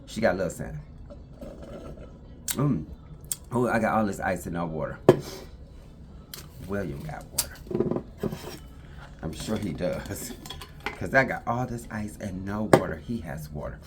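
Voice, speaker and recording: A woman's voice: extremely low pitch, lively intonation, moderate pace, long pauses, background noise. A woman talking casually to her camera, emphatic and repetitive, now and then breaking off to talk to her puppy. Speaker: vlogger.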